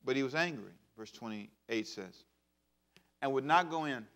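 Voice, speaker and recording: A man in his fifties preaching a sermon as pastor, swinging between loud bursts and hushed asides. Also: mid-range voice, expressive, measured pace. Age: 50s.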